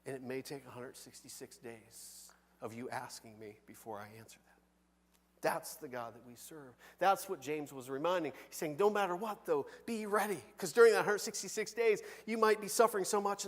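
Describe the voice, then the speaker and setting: A man preaching a sermon from the pulpit, conversational and animated, with big swings between loud and soft. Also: high-pitched, in a large hall. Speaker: pastor. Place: church sanctuary.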